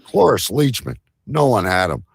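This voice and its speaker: A man's voice: lowish voice, very animated, normal speed, creaky, breathy edge, no room sound, studio quality. A man co-hosting a casual live-stream chat show, rambling, joking and swearing casually. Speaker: co-host.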